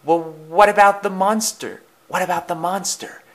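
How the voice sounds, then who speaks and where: Man doing a timid little engine, high and shaky. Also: normal speed, a bit bright. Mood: anxious. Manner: fearful, wailing. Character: small timid young male tank engine.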